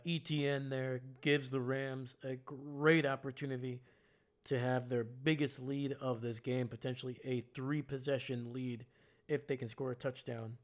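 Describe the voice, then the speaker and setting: A man doing live fan play-by-play and reaction, casual and self-mocking, getting excited on big plays. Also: medium pitch.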